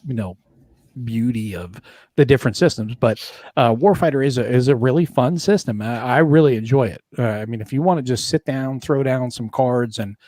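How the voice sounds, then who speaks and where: A man co-hosts a relaxed gaming chat, rambling through thoughts with ums and restarts. His voice sits at a middling pitch. The sound is close and dry. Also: a little fast, no echo. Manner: chatty, rambling with fillers and restarts. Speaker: co-host reading live chat. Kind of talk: casual chat.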